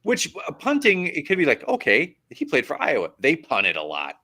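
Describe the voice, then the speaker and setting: A man's voice: fairly high pitch, wildly swooping pitch, normal speed, sharp tone. A man co-hosting a sports podcast, talking in a laid-back, wry way. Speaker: podcast co-host. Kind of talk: casual sports chat.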